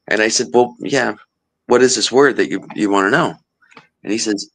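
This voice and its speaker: A man with a fairly low voice tells a story to friends in casual talk. He is animated and laughs as he goes. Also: moderate pace, low-quality recording. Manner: animated anecdote-telling, laughs often. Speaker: storyteller in a group chat. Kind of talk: casual chat.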